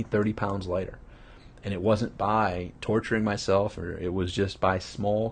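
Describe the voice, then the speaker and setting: A man's voice: fairly low pitch, gravelly, slightly rough. A middle-aged man giving a live business training, telling stories in a casual, rambling way full of restarts. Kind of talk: live online training talk with anecdotes.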